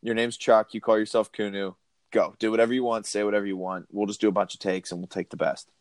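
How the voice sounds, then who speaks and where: A man's voice: lowish voice, level tone, quick pace, dry recording. A man co-hosting a podcast, chatting casually about a movie, laughing often and retelling scenes. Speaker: podcast co-host.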